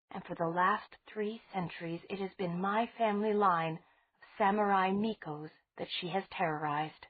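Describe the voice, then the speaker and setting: A woman's voice: lowish voice, husky. A woman narrator voicing an older mother from an old priestess family, earnest and confiding. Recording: tinny phone-like sound.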